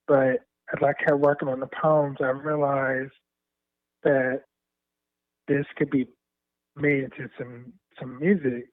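A man, a spoken word poet, answering interview questions in a slow, earnest, reflective way. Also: mid-range voice, dry recording. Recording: tinny phone line.

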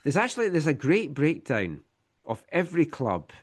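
A man hosting a sports podcast, running through club news in a steady, informative way with a touch of wry humour. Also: on the high side, moderate pace. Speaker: podcast host. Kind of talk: casual sports news rundown.

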